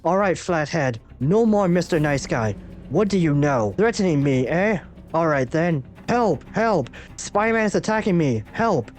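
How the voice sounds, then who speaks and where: A man performs a blustering middle-aged newspaper publisher who shouts and hurls insults at everyone, read aloud from a comic. His pitch sits high and climbs as he rants, with faint music behind. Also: animated, a little slow. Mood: shouting.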